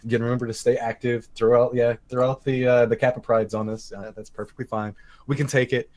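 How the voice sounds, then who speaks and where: Fast-talking upbeat esports caster man. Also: medium pitch, level tone, a little mellow. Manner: upbeat, hype-building. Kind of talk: casual esports casting chat.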